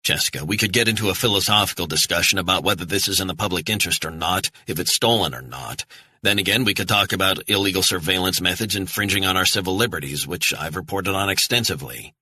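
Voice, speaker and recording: A man reading a persuasive reporter pleading his case in an audiobook. The voice is low and husky yet forceful, and quickens when he argues. The sound is dry and close. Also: full character voice. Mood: earnest. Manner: earnest, pressing. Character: middle-aged male journalist, earnest and persuasive.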